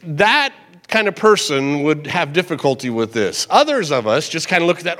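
An older man pastor preaching a sermon in a church, conversational and chatty, slowing down to repeat scripture verses. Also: fairly high pitch, big pitch swings, a bit bright. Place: church sanctuary. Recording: long hall reverb.

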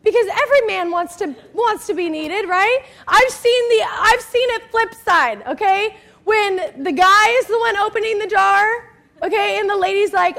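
A woman's voice: very high-pitched, moderate pace, gravelly, a bit bright. A woman pastor giving a chatty, emphatic sermon, often checking in with the crowd and acting out little scenes. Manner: acts out quoted people in story.

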